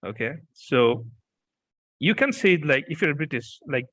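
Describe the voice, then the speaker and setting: A man's voice: medium pitch, unhurried, no echo, low-quality recording. Chatty male interview host, dry sound. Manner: animated, laughs often, repeats "yeah" and "okay". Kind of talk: interview, casual chat.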